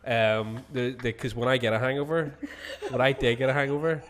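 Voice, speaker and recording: A man's voice: medium pitch, fairly quick. A man hosting a podcast, telling drinking stories in casual chat, swearing often and laughing through them. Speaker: podcast host.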